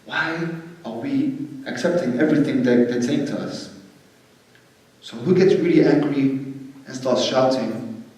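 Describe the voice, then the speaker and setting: A man's voice: medium pitch, measured pace, pauses often. Male preacher in an echoey hall. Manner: animated storytelling that acts out quoted speech. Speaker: religious speaker. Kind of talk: religious storytelling lecture. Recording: echoey hall, distant mic.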